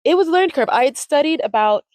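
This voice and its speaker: A woman in her forties being interviewed, telling animated stories and acting out quoted voices. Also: high voice, fast talker, no echo. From United States. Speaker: language retreat founder, interview guest. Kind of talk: conversational interview storytelling.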